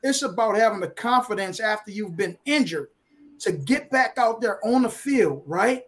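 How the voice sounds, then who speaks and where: A man's voice: sits high, lively intonation, moderate pace. A man speaking as a guest author on a live feed, giving an emotional, preachy motivational talk that leans on sports metaphors. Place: live online video feed.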